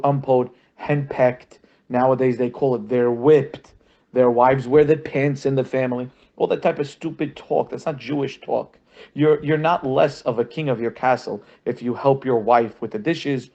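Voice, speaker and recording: A man of ordinary pitch teaches a marriage lesson in a loose, conversational style, leaning on fillers and lively anecdotes. The audio is somewhat dull and lo-fi. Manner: conversational, many "you know" fillers, animated storytelling. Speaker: rabbi teaching a marriage course. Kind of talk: informal lecture with anecdotes.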